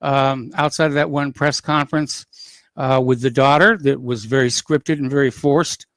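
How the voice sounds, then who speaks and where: A man's voice: mid-range voice, fairly even intonation, a bit bright, dry recording. Man hosting a talk radio show, dry studio. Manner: unhurried, conversational, opinionated asides. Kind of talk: news commentary and call-in radio.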